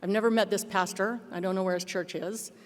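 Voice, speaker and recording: A middle-aged woman giving a personal testimony speech as a guest speaker, telling her story in a lively way and acting out what others said. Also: medium pitch, fairly quick. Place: large banquet hall. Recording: long hall reverb.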